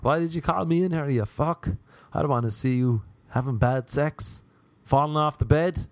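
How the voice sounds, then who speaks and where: A man's voice: fairly high pitch, moderate pace, dry recording, pitched above the performer's own voice, natural voice. A man putting on a grumpy, swearing Jesus. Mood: exasperated. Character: grumpy, sweary male Jesus, blunt and irritable.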